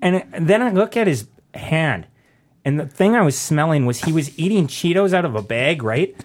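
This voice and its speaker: A young man telling a story in casual chat, swearing constantly and ranting in an animated way. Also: on the high side, normal speed.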